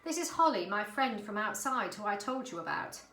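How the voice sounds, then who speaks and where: Brief: woman as an earnest, conflicted young male cat, bright voice, echoey room. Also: mid-range voice, sing-song, normal speed, slight background noise.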